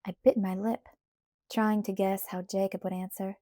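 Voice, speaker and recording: A woman narrating a novel aloud in the first person, in unhurried scripted storytelling. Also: mid-range voice, little pitch movement, dark tone, dry recording, clean studio sound. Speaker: audiobook narrator.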